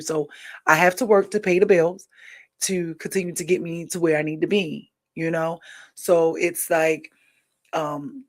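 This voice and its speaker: Slow-talking emotional woman podcast host. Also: mid-range voice. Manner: emotional, rambling, repeats herself. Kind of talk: candid personal monologue.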